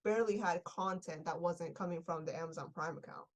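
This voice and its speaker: A woman's voice: lowish voice, brisk. A young woman guest on a podcast, telling a story in casual chat, gushing and laughing with lots of filler words.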